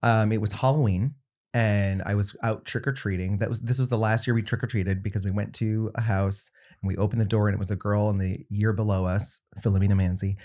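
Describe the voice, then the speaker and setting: A man's voice: fairly low pitch, fairly even intonation, a little fast, dark tone. A young adult man, a podcast guest, telling a personal story in casual conversation and acting out the people he quotes.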